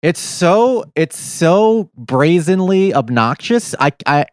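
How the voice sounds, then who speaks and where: A man co-hosting a podcast in casual chat, with low-key, wry asides. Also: big pitch swings, slow pace, no echo, studio quality. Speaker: podcast co-host.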